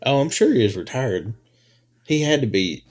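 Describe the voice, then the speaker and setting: A man co-hosting a casual chat, telling stories with big, loud laughs and the odd swear. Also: mid-range voice, moderate pace. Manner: animated storyteller, swears, laughs loudly.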